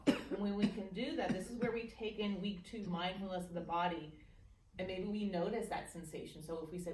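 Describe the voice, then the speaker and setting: A woman leading a guided meditation class in a library meeting room, gentle and playful, dropping into a soft aside voice when she speaks to her thoughts. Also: mid-range voice, a little fast. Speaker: meditation teacher. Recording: echoey room from a distance.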